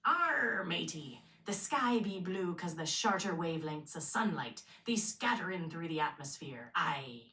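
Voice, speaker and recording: A woman's voice: lowish voice, expressive, measured pace, hardly any pauses, bright, forceful tone, far from the mic. A synthetic woman's voice playing a hearty pirate, using growled pirate slang.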